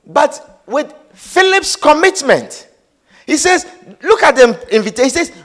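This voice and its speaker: A man's voice: extremely high pitch, very animated, a little slow, fairly bright tone. A man preaching a sermon, repeating himself emphatically and asking his listeners whether they understand. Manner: repetitive, emphatic, asks the audience "do you understand?". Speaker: pastor.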